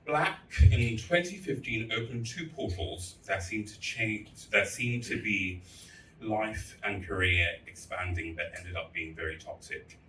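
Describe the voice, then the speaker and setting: A man with a lowish voice delivers a candid public speech, telling stories with blunt, crude humor. He is heard from a distance in an echoey hall, with faint ambience behind him. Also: unhurried, pushed and bright, slight background noise. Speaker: festival speaker.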